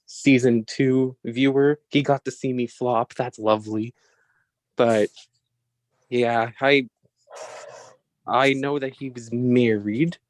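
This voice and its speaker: A man on an online panel speaks slowly and easily in a mid-pitched voice. His remarks are wry and unbothered. The sound is dry and close. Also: a little mellow, no echo. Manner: laid-back, wry. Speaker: panelist assessing new cast. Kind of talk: casual panel chat.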